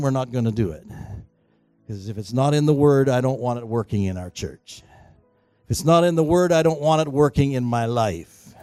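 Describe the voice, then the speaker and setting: A man preaching a sermon as pastor in a church, emphatic and swinging between quiet and loud exhortation, urging the congregation to respond. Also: medium pitch, clean tone, no echo. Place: church sanctuary.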